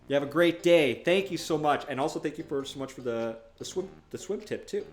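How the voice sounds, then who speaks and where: A male streamer with a fairly high voice talks quickly through live gameplay over soft background music. Chatty and excitable, he erupts loudly when things go wrong and warmly thanks viewers by name.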